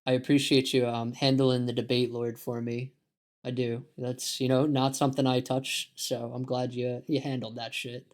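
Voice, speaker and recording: A man's voice: medium pitch, flat delivery, normal speed. A male streamer chatting casually on a live stream, profane and sarcastic. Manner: profane, sarcastic, mocks others in put-on voices.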